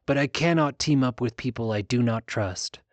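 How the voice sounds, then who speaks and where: A stern monk leader lays down terms in cold, measured, logical words in a fantasy audiobook, as a male narrator reads him. His voice sits at a middle pitch, and the recording is close and dry. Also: no echo, close to an everyday voice. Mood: cold, firm.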